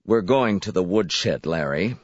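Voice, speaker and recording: A man voicing a stern farm father who speaks calmly and gravely, in a slightly dull, dry recording. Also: deep voice, no room sound. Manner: calm, grave, measured.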